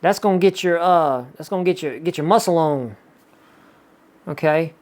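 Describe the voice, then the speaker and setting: A man with a Southern US accent hosting a casual unboxing vlog, chatty and excitable, rambling with lots of asides. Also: fairly high pitch, normal speed. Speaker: YouTuber reviewing subscription boxes.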